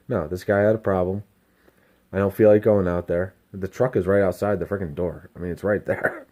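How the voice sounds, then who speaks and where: Low mellow guy rambling to camera, candid, swears a lot, self-reflective. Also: fairly even intonation, fairly quick. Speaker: delivery driver. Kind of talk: casual self-help vlog monologue.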